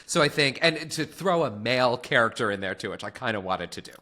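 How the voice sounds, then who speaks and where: A man co-hosting a podcast, chatting in an animated, casual way with restarts and fillers. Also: mid-range voice, a little fast. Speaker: podcast co-host. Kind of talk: casual chat.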